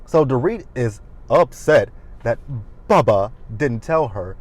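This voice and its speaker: A man's voice: medium pitch, expressive, takes it slowly, a little mellow. A man in his thirties recapping a reality show in a chatty, sassy way with dramatic asides. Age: 30s. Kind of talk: casual recap commentary.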